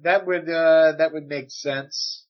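A man's voice: fairly high pitch, steady tone, takes it slowly. A man co-hosting a casual chat, stammering through restarts and joking sarcastically. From United States. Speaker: podcast co-host. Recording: slightly muffled audio.

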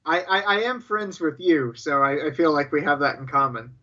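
Man, podcast co-host, stammering, joking, bright tense voice, dull lo-fi sound. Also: on the high side, animated, moderate pace. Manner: stammering, repeats words, jokey tall tales. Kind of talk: casual podcast banter. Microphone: headphones and studio mic.

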